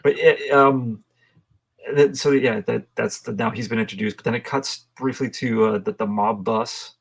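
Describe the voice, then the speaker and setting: A man co-hosting a film review podcast in casual chat, talking slowly with many fillers. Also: mid-range voice, fairly even intonation, gravelly, slightly rough. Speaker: podcast co-host.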